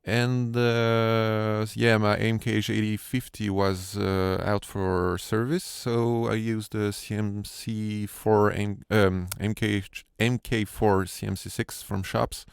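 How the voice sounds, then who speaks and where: A low-voiced man with a French accent talks slowly through a tutorial walkthrough, pausing often on fillers and restarts. His voice has a gravelly edge yet stays smooth, and the room is dry. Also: level tone, dry recording. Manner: hesitant, many fillers and restarts. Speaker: sound designer. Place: home studio.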